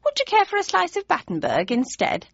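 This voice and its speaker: A woman's voice: extremely high pitch, huge pitch swings, fairly quick, gravelly, dry recording, muffled recording, pitched above the performer's own voice, heavily acted. A woman doing a flustered, gushing mum. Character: fussy, flustered middle-aged mother.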